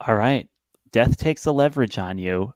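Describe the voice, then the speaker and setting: A man narrates a tabletop game as game master, halting and restarting as he goes. His voice sits at a middling pitch. The recording is dry and close. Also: darkish tone, no echo. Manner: halting, full of fillers and restarts.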